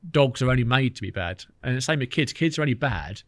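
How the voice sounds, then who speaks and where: A rapid, lively man in his thirties spins rambling stories packed with "like" and restarts. His voice sits slightly low yet sounds bright and forward. The sound is close and dry, with no room around it. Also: no echo. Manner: chatty storyteller, lots of fillers. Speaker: podcast guest, angler. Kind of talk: casual chat.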